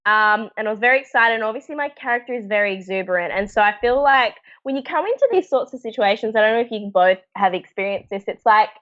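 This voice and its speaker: A woman, a guest telling stories in a loud, animated way during a casual chat from home. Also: medium pitch, quick pace, few pauses. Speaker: guest actor. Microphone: video call. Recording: dull lo-fi video-call audio.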